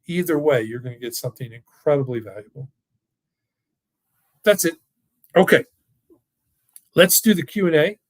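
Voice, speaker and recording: A financial firm owner with a voice on the high side speaks animatedly at a moderate pace, leaving long pauses. He hosts a casual webinar and live Q&A as an online workshop from a home or office, with no echo, in an enthusiastic, rambling, folksy manner.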